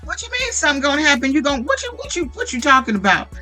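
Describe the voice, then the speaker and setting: A woman voicing an angry young man who snaps back at a threat, in a shrill and indignant way. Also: wildly swooping pitch, fast, pushed and bright, faint music behind, heavily acted.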